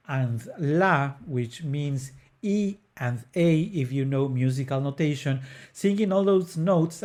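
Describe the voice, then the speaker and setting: A man's voice: a little high, a little mellow. A man hosting an opera podcast, explaining an aria earnestly with frequent hesitant fillers. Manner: breaks into sung phrases to demonstrate notes. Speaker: podcast host.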